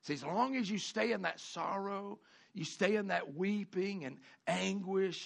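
A man preaching a sermon, animated and fervent, repeating phrases for emphasis. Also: sits high, unhurried, vocal fry. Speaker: pastor.

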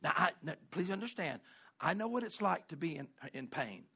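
A man preaching a sermon, animated and fervent, repeating phrases for emphasis. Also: fairly high pitch, moderate pace, husky. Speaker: pastor.

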